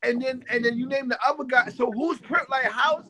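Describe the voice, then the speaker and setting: A man's voice: very high voice, brisk, bright, forceful tone, rough recording. A man hosting a livestream debate, cutting in to challenge and demand answers. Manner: interrupting, challenging, repeats "time out".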